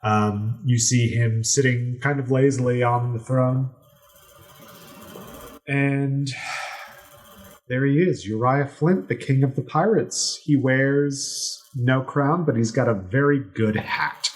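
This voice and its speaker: A male game master narrating a tabletop role-play scene, lingering on descriptions and pausing on fillers. His delivery is slow and mid-pitched. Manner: unhurried, descriptive, many fillers.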